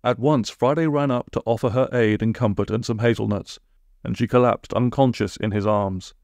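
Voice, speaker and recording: A man narrating a comic storybook in a deadpan way, with dry asides. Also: mid-range voice, moderate pace, no room sound. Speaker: audiobook narrator.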